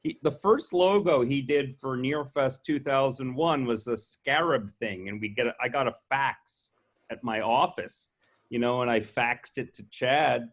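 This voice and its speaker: A man with a mid-range voice telling stories as a guest. He switches into quoted voices as he goes, and his pitch jumps up sharply on those lines. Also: unhurried. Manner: animated, acts out quoted dialogue. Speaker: festival co-founder guest. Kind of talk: casual anecdotal storytelling.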